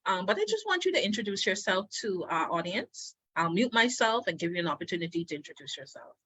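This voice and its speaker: A woman hosting a chat over a video call, bubbly and quick to laugh. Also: medium pitch, very animated, fairly bright tone, husky. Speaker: host.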